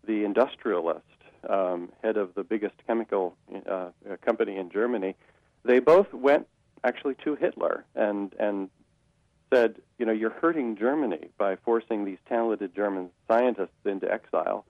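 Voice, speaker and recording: Male guest, measured delivery with restarts, dull lo-fi radio sound, dry studio. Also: fairly low pitch, no room sound. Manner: measured, with frequent restarts and fillers. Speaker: author and guest. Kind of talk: radio interview answers.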